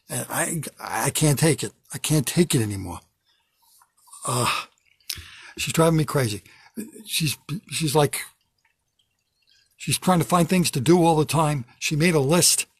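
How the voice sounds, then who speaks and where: Husky older man ranting comedically. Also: fairly high pitch, measured pace, long pauses, no room sound. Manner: kvetching, self-mocking rant. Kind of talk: stand-up comedy monologue. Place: home basement.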